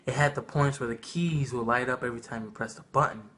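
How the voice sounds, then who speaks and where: A young man telling a funny childhood story in a casual vlog, animated and swearing freely. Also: medium pitch, fast. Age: young adult. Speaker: vlogger.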